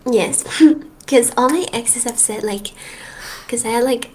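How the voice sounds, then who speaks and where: Brightish young woman. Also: fairly high pitch, fairly even intonation, unhurried. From Finland. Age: young adult. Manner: emphatic, dramatic, playfully indignant. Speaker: chat participant. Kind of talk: casual voice chat. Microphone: online voice call.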